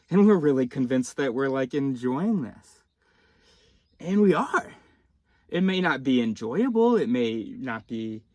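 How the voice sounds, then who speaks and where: A man's voice: medium pitch, a little mellow, dry recording. A man vlogging in a casual monologue, rambling off on tangents and cutting himself off mid-phrase. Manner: rambling, self-interrupting, tangential.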